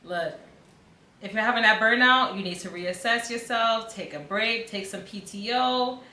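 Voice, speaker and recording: A woman's voice: a little high, moderate pace, bright, forceful tone. A woman who worked as a nurse, giving blunt, frank advice. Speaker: nurse commentator. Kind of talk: direct advice. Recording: echoey room.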